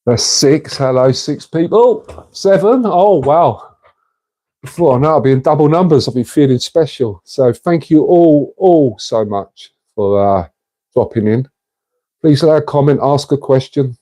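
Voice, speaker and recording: A man's voice: medium pitch, animated, unhurried, dark tone. A man hosting a casual livestream, chatting in a matey way and answering viewers' comments. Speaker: livestream host.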